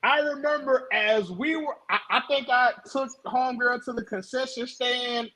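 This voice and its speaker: A man with a very high voice hosts a casual podcast chat. He tells his story in an animated way, stumbling over repeated words and restarting often. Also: normal speed, rough recording. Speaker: podcast host.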